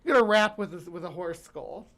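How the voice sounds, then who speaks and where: A woman's voice: fairly low pitch, expressive, a little fast. A woman hosting a casual livestream, chatty and rambling as she reads aloud and reacts to viewers. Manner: chatty, rambling, reading aloud with fillers and restarts. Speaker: livestream host.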